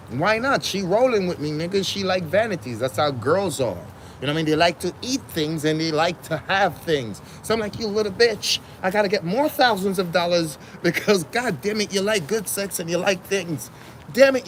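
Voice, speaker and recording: A man's voice: high voice, fairly bright tone, rough recording. A man with a slightly raised voice rants casually on a livestream, slangy and profane, breaking into laughs between points. He keeps repeating his lines for emphasis. Faint street traffic hums behind him outdoors. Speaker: livestream host.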